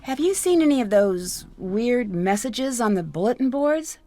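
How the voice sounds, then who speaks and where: An actress playing a curious young woman detective who asks question after question in an even, inquisitive way in a video game. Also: fairly high pitch, measured pace.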